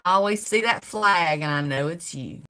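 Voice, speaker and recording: A woman's voice: on the low side, normal speed, sharp tone. A middle-aged woman hosting a casual livestream, greeting viewers by name and laughing often. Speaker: livestream host.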